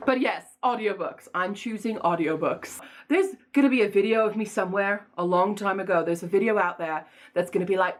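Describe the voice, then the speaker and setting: A woman book vlogger chatting casually in a put-on snobbish accent, playful and self-mocking, her pitch swooping up and down. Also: fairly quick. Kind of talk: casual chat.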